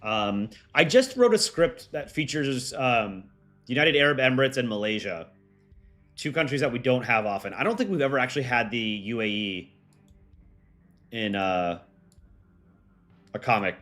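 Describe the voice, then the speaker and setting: Young american man, casual stream chat, mid pitch, faint music behind. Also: normal speed, pauses often. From United States. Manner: relaxed, chatty, frequent ums and likes. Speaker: streamer and voice actor.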